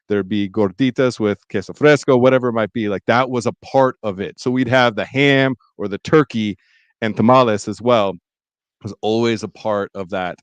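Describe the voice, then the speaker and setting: Male podcast host, smooth clear tone, warm storytelling, dry room. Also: mid-range voice, dry recording. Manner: reflective, storytelling, enthusiastic. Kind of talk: casual chat.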